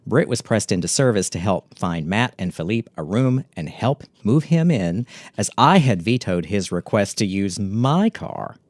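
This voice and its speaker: A middle-aged man telling a memoir story in a wry, catty, deadpan way. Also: fairly low pitch, no room sound.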